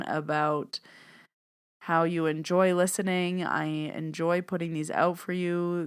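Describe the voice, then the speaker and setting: A woman's voice: on the low side, fairly bright tone, clear, resonant tone. A woman hosting her own podcast, chatting through a reflective, heartfelt year-end recap as a medium and teacher.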